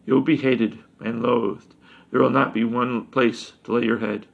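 A man voicing a stern, gloating village mayor who hands down harsh punishments, with a gravelly voice. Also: mid-range voice, fairly even intonation, a little slow, narrow, tinny audio. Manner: stern, commanding pronouncements. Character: boastful cruel village mayor, male, older.

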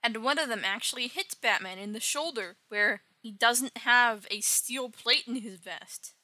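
Woman host, casual comic recap, wry asides; very bright, dry voice. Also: fairly high pitch, measured pace, dry recording.

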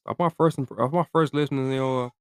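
A man co-hosting a casual album review chat, halting and repeating himself as he talks. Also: medium pitch, fairly even intonation, smooth, no echo, clean studio sound. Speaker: podcast co-host.

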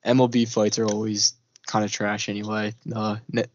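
Flat, low-voiced man in a casual sports chat. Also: moderate pace, slight background noise. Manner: laid-back, matter-of-fact, many "uh"s. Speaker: podcast co-host. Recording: dull lo-fi sound.

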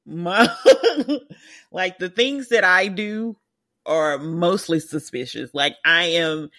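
A woman co-hosting a podcast, chatting casually and jumping in with quick questions. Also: fairly low pitch, dry recording. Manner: animated, quick to jump in and question. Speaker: podcast co-host. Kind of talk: casual chat.

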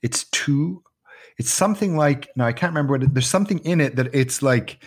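A man's voice: medium pitch, expressive, brisk, breathy edge. A man co-hosting a casual podcast, joking, swearing and acting out voices as he tells stories. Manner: swearing, jokey, acts out voices in his stories. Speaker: podcast co-host. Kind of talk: casual chat.

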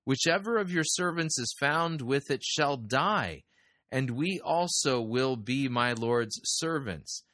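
A man preaching a sermon, reading scripture aloud and pausing to comment on it with quiet wonder. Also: mid-range voice, animated, dry recording, clean studio sound.

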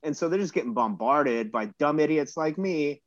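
A man's voice: a little high, animated, normal speed, no echo. A man in his thirties telling a rambling, self-mocking story in casual chat and swearing freely. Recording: dull lo-fi dry recording.

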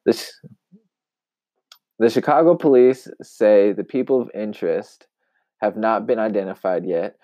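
A man giving casual commentary in an emphatic, wry way, with long pauses, on a dull, dry lo-fi recording. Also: on the low side, mellow, no echo. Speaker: commentary vlogger.

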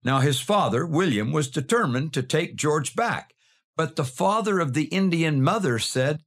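A man host narrating a true story in a measured, expressive storytelling style. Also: on the high side.

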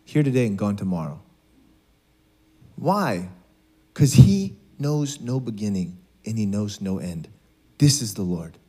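A man's voice: lowish voice, very animated, measured pace, long pauses, warm tone, slightly rough. Conversational, joking male preacher. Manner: conversational, joking, acts out dialogue. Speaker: pastor. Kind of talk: sermon.

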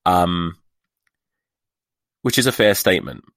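A man's voice: sits low, very animated, slow pace, vocal fry, a bit bright, no echo, studio quality. A man hosting a solo podcast, sweary and exasperated, mocking what he reads aloud. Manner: profane, sarcastic, exasperated. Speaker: podcast host.

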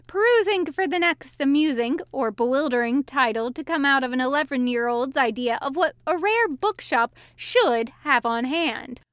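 A woman reading a fan fiction story aloud with measured, expressive storytelling. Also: high voice, dry recording. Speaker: reader.

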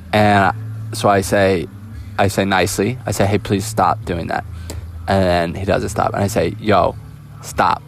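A young man telling a personal story in a casual storytime monologue, animatedly acting out the quoted dialogue. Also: lowish voice. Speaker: vlogger.

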